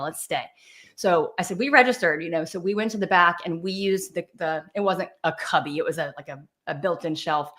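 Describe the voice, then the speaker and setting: Animated Southern American woman storyteller. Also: lowish voice. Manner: animated storyteller with frequent laughs and restarts. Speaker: guest speaker, dance teacher. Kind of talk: conversational interview storytelling. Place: virtual event, video call. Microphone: video call microphone.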